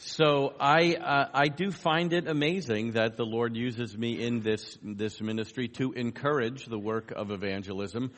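A man's voice: medium pitch, fairly even intonation, a bit bright. American guy w a bit of new york in his voice, joking at his own expense, stumbling restarts, echoey hall. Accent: American, light New York. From New York, USA. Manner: self-deprecating, halting restarts, dry humor. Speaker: guest speaker on evangelism. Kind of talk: conference talk with self-deprecating humor. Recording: long hall reverb.

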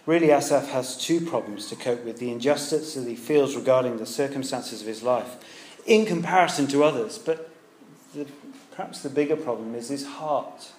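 A man's voice: mid-range voice, normal speed, a little mellow. A British man preaching a sermon in a conversational way, asking his listeners rhetorical questions. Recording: echoey room with faint ambience.

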